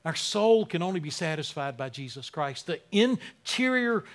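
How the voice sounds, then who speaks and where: A man preaching a sermon as pastor, swinging between loud emphasis and quiet, close talk, often repeating words as he restarts. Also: fairly high pitch, big pitch swings, normal speed.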